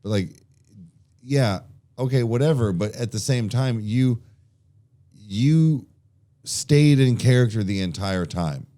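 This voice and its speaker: A man's voice: medium pitch, slow pace, pauses often, warm tone. A man co-hosting a podcast in casual chat, rambling with frequent restarts and casual swearing. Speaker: podcast co-host.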